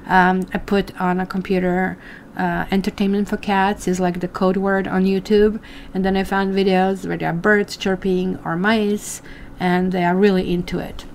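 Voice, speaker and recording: A woman's voice: medium pitch, little pitch movement, moderate pace, a little mellow, a little hiss or hum. A woman doing a chatty live tarot reading for viewers, full of fillers and asides. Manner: chatty, addresses viewers as guys, many fillers. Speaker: tarot reader.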